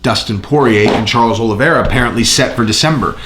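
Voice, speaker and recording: A man hosting his own channel, riffing casually and profanely on fight news in a rambling, excitable way. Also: mid-range voice, fast, reverberant, background noise. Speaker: channel host. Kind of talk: casual fight commentary vlog.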